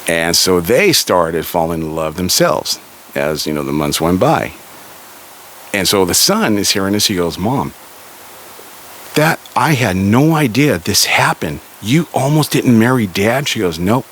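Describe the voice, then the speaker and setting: A man from Southern California telling a family story in a casual spoken way, lively and raising his voice for the people he quotes. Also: measured pace, a little hiss or hum. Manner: animated, raises pitch for quoted characters.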